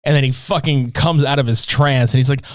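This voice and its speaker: A man in a casual podcast chat, recounting movie scenes with plenty of cursing and an easygoing, amused delivery. His voice sits at an ordinary middle pitch, recorded close and dry with no room sound. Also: fairly even intonation, fairly quick, dry recording. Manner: profane, laid-back scene retelling. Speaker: podcast co-host.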